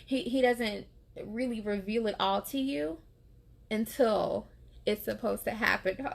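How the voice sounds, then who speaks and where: Chatty woman with a gravelly edge. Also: on the high side, unhurried. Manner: chatty and heartfelt, with frequent fillers and laughs. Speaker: nurse and vlogger. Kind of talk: casual faith-sharing chat.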